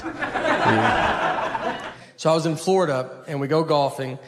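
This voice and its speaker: Guy doing deadpan standup, rambly, mid pitch, live recording w/ noticeable noise. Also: normal speed, pauses often. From Tennessee. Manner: deadpan, rambling, self-deprecating. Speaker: stand-up comedian. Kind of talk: stand-up set. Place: theater stage with a laughing audience.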